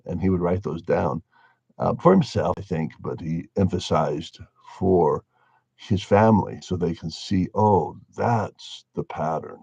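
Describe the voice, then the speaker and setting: A man's voice: deep voice, unhurried, creaky, darkish tone, breathy edge, no echo. A man giving a casual spoken monologue on faith, musing wryly and laughing at his own points. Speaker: religious commentator. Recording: dull lo-fi dry recording.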